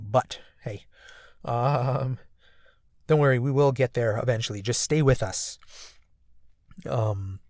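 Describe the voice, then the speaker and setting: A male podcast host rambles through his opening with a steady stream of "um"s and "uh"s. He runs down his own show as he goes. His voice sits at an ordinary pitch and sounds dry and close to the mic. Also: dry recording. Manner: rambling and self-deprecating, with many fillers. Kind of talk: casual comedy podcast monologue.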